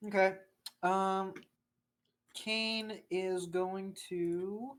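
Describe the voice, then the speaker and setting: A game master running a tabletop game in casual chat, halting with fillers and casual swearing. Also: medium pitch.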